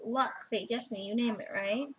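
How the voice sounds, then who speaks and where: A woman's voice: fairly high pitch, fairly even intonation, a little fast, background noise. A woman giving a personal tarot reading in a casual, blunt way, swearing freely as she goes through the cards. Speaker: tarot reader.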